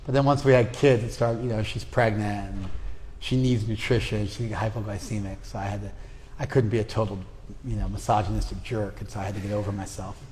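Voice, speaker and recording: A man's voice: fairly low pitch, steady tone, fairly quick, darkish tone, slight background noise. A man teaching a spiritual class, telling a traditional story in a casual, conversational way with personal asides. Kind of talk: storytelling lecture. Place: class room in a hall. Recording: long hall reverb.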